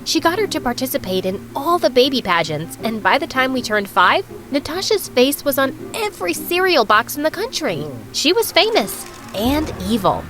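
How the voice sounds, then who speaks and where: A woman narrating an animated story as a bookish rich teenage girl, in a chatty, dramatic way. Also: sits high, normal speed, over music, poor audio.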